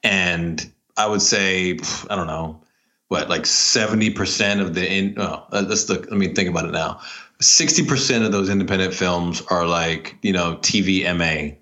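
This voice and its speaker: A man with a very deep voice co-hosts a relaxed podcast, rambling through his points with animated asides. He keeps a loose, conversational flow. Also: moderate pace, muffled recording. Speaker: podcast co-host. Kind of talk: casual podcast chat.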